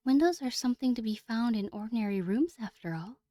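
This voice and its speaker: A woman voicing a gentle, teasing young female senpai in a game, soft-spoken and playful. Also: fairly high pitch, expressive, quick pace, no echo, clean studio sound, pitched above the performer's own voice, close to an everyday voice. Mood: calm teasing.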